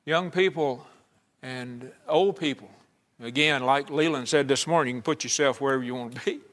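A man's voice: mid-range voice, normal speed, fairly bright tone. A man preaching a conversational sermon at a church service, acting out the voices he quotes.

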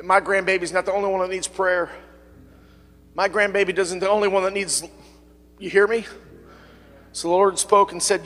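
A middle-aged man preaching a sermon as pastor, swinging from fervent shouting to quieter, conversational talk. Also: high-pitched, flat delivery, fairly quick, long pauses, long reverb tail. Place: church sanctuary, at the pulpit.

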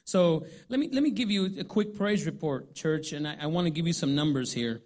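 New pastor guy doing church announcements, lively and pumped, kinda high voice. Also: fairly quick. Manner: lively, upbeat, hyping the congregation.

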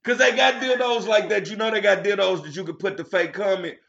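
A man with a high, bright, cutting voice tells crude stories on a casual podcast. He is loud and profane and laughs his way through each tale, and the lo-fi recording sounds dull and muffled. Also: fairly quick, vocal fry. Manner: loud, profane, animated storytelling with frequent laughter. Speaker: podcast co-host. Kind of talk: casual comedic chat.

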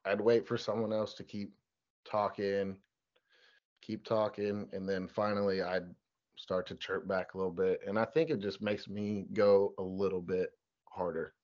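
Laid-back young man, low voice, dull sound. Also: measured pace. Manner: relaxed, chatty storyteller. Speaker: college football player guest. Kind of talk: casual interview.

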